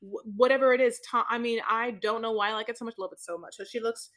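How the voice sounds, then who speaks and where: Woman podcast co-host, somewhat high voice, sassy and animated, throws in "honey". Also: fast. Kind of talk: casual chat recapping reality TV.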